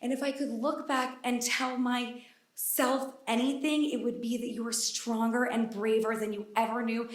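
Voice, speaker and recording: A woman's voice: a little high, little pitch movement, moderate pace. A woman in her late thirties telling a candid, wry personal story to a live audience on stage. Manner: candid, wry and self-deprecating. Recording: echoey hall, voice from far off.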